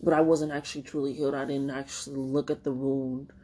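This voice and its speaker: A woman's voice: rumbling low, level tone, a little fast, dark tone, husky. A young woman hosting a solo podcast, talking candidly and rambling, laughing often and swearing casually. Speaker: podcast host.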